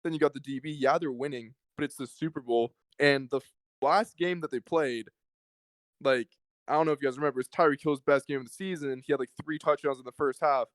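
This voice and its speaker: A man's voice: fairly high pitch, clear, resonant tone, no echo, rough recording. A young man co-hosting a casual podcast, talking in long rambling runs and swearing freely. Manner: rambling, swears, mimics others. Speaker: podcast co-host. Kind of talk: casual chat.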